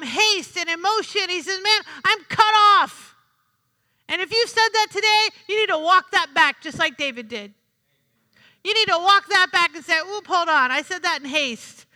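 Lady pastor preaching, super high bright voice, lots of "amen?" back and forth, echoey church hall. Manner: preaching with call-and-response, repeating lines for emphasis. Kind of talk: sermon. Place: church sanctuary. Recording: long hall reverb.

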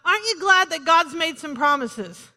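High bright woman preaching a sermon. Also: animated, moderate pace, in a large hall. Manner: conversational with joking asides and repeated "Amen". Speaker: pastor.

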